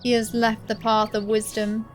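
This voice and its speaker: A woman's voice: on the high side, completely flat delivery, normal speed, close to an everyday voice. A woman voicing a weary, proud old male wizard held captive in a game, speaking formally and insistently. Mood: grave.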